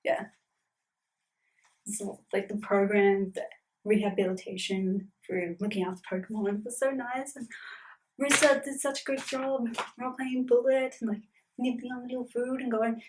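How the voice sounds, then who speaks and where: A woman's voice: on the high side, fairly even intonation, unhurried, long pauses, poor audio. A woman chatting casually in a vlog about a tabletop campaign she plays in, rambling with lots of fillers.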